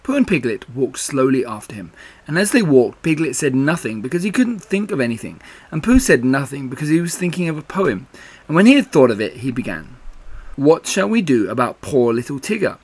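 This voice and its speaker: A man narrating a classic children's story in a measured, gentle storytelling manner. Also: medium pitch, very animated, slightly rough. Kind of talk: storybook reading.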